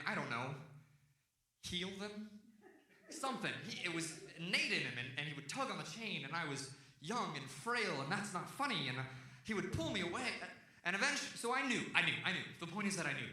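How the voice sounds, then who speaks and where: A young man from Texas telling a long stand-up story on stage, jumping into loud shouted voices for the people in it. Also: high voice, sing-song, a little fast. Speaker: stand-up comedian. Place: comedy stage before a live audience. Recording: echoey venue heard from a distance.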